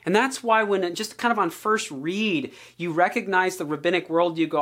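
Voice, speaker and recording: A woman teaching the Bible on a podcast, earnest and steady, slowing down to stress key points. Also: lowish voice.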